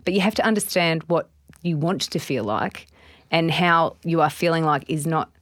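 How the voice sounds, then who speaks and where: A woman's voice: deep voice, moderate pace, dry recording, studio quality. A middle-aged Australian woman, a business owner and guest, telling stories in a casual interview and acting out her own thoughts. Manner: animated storytelling with quoted inner voices.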